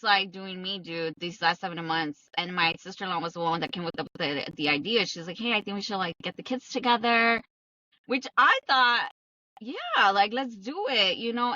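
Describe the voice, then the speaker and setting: A woman's voice: mid-range voice, bright, forceful tone, far from the mic, muffled recording. A young adult woman hosting a podcast, talking bluntly in a casual monologue, swearing often and repeating herself for emphasis. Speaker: podcast host.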